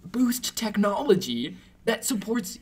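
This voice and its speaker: A man's voice: high-pitched, very animated, slow pace, darkish tone, husky, heavily acted. A man improvising a manic, pushy male salesman in a comedy sketch.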